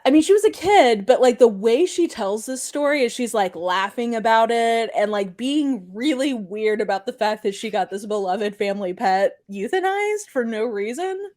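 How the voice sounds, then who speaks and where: Woman podcast cohost telling a story, casual, fast and filler-heavy. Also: mid-range voice, darkish tone. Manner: quick, chatty, full of "like" fillers. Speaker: podcast co-host.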